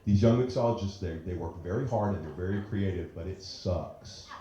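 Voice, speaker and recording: A man's voice: deep voice, normal speed, warm tone, highs cut off. A middle-aged man doing a brash, crude stand-up comedy set on a comedy club stage, with a handheld mic. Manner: brash, crude, with mock-fussy character voices. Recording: very echoey club room.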